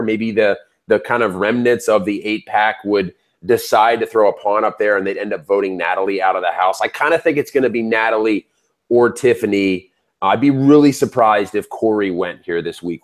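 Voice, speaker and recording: Jokey young man co-hosting a recap. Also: lowish voice. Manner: animated, jokey, asks questions. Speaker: co-host, superfan. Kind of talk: casual recap chat.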